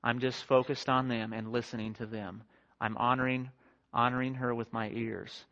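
A young married man preaching a sermon to a congregation in a conversational, self-deprecating way, slipping into quick acted-out quotes. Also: mid-range voice, little pitch movement, vocal fry, fairly bright tone. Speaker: pastor. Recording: dull lo-fi sound.

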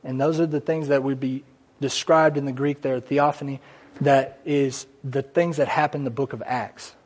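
A man's voice: medium pitch, fairly even intonation, moderate pace. A man preaching a conversational church sermon, with asides and small jokes along the way. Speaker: pastor. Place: church sanctuary.

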